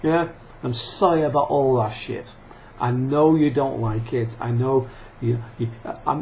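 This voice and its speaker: A man's voice: mid-range voice, unhurried, gravelly, a little mellow. Man, profane rant, angry and scoffing, faint background hiss. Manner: angry, sweary, laughs and coughs between rants. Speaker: vlogger. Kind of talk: profane ranting monologue. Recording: dull lo-fi sound with faint noise.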